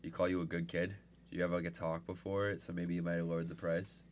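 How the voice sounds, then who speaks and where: A man co-hosting a podcast in crude comedic banter, loud, profane and jokey. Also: sits low, little pitch movement, fast talker, a little hiss or hum. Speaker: podcast co-host.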